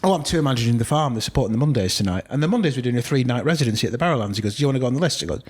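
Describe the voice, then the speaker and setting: A man's voice: medium pitch, lively intonation, racing, a little mellow, husky. A man co-hosting a casual chat, telling anecdotes and acting out other people's quotes in raised voices. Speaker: podcast co-host. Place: indoor room with co-hosts.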